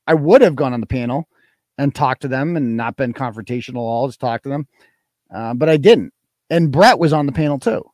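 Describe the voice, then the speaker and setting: A man's voice: mid-range voice, expressive, brisk, a little mellow, no room sound. A man hosting a live stream, reading donations and ranting in a profane, mocking, combative way. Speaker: live show host.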